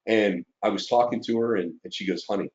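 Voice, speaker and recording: A man with a fairly low voice gives a casual webinar talk about his trading. He speaks earnestly and emotionally, full of fillers and little "right?" check-ins. The audio sounds dull and lo-fi. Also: a little fast, darkish tone. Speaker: trader presenting to fellow students.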